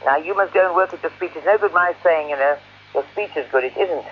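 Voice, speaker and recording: Husky blunt woman drama coach on the phone. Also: low voice, fast talker. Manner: blunt, brusque, impatient. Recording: muffled telephone line on old radio tape.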